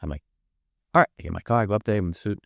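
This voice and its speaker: Man, guest storyteller, vivid and profane, lowish voice, dry close mic. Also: racing, gravelly, dry recording. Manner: vivid anecdote teller, profane. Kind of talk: casual storytelling.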